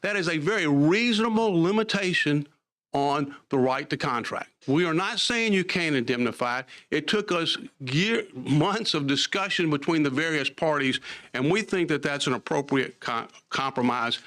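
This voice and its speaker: A man's voice: fairly high pitch, animated, normal speed, a bit bright. A man, a lawyer giving formal testimony at a committee hearing and explaining emphatically.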